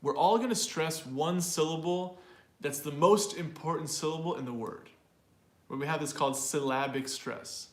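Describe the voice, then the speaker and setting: A man's voice: a little high, moderate pace, reverberant. A man teaching an online English pronunciation class. He explains in a talkative way and often repeats or restarts words.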